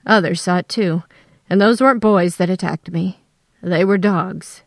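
A woman voicing a frail, tired older husband who speaks in a quiet, raspy voice. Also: lowish voice, unhurried, no room sound, clean studio sound. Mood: weary.

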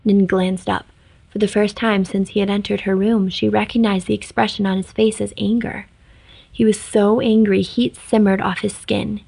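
A woman narrates a fantasy story in an even, measured read. Her voice is husky and gravelly, and her tone stays flat, with little rise or fall. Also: mid-range voice, poor audio. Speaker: story reader.

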